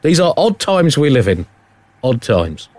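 A man's voice: mid-range voice, big pitch swings, measured pace, a little mellow, dry recording. A man hosting a satirical comedy podcast, with a wry, hesitant delivery full of ums before his punchlines.

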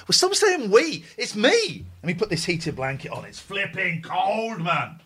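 A man's voice: high voice, huge pitch swings, moderate pace, fairly bright tone, breathy edge. A man in his forties hosting a late-night radio show alone from home, chatty, rambling and self-deprecating. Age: 40s. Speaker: radio host. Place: home, cold room.

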